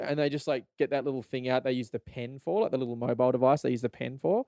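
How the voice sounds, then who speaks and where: A man's voice: mid-range voice, fast, few pauses, dry recording, highs cut off. A young Australian man hosting a podcast, ranting casually with lots of swearing and laughter. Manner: profane, rambling, animated, laughs often. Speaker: podcast host. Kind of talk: casual solo podcast rant.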